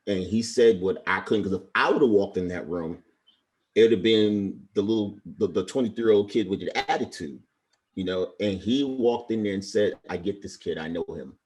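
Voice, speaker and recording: Passionate and earnest, a man in his forties from Brooklyn, New York tells stories from his career as a Navy chief, since retired, in a casual interview. He speaks at a moderate pace in a lowish, darkish-toned voice.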